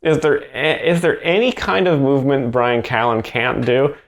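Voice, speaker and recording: A man's voice: medium pitch, normal speed. A man hosting a parody commentary, explaining comedy in an earnest, mock-serious way. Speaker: host, mock joke explainer.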